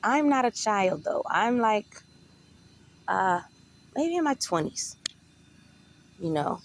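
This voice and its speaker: Slow-talking woman telling a rambling story. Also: mid-range voice, sing-song, vocal fry, slight background noise. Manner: rambling, profane, conversational. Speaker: vlogger. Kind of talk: casual storytelling.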